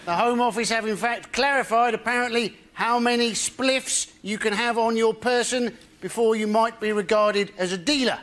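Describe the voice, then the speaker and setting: A man's voice: extremely high pitch, fairly even intonation, moderate pace, hardly any pauses, fairly bright tone. A male comedian delivering wry topical jokes in a dry way on a panel show. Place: TV studio with live audience. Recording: noisy studio recording.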